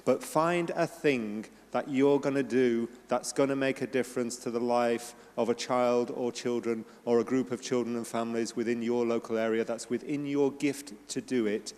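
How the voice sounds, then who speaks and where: A man on a conference panel, giving energetic and encouraging advice. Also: mid-range voice. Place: large conference hall. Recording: long hall reverb.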